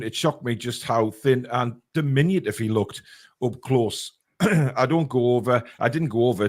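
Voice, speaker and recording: A man hosting a casual podcast, reading out comments in a blunt, halting, sometimes sweary way. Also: mid-range voice. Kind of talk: casual chat.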